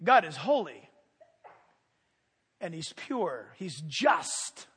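A man preaching a sermon as a pastor, telling stories with animated energy and sudden shouted commands. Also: a little high, drawn-out words, husky. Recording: long hall reverb.

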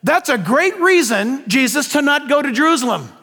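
Very animated, pushed, and bright, an older pastor with an unusually high male voice preaches at a normal speed. Questions to the congregation and homey asides fill the gaps between his points, ringing through a large hall with a long reverb tail.

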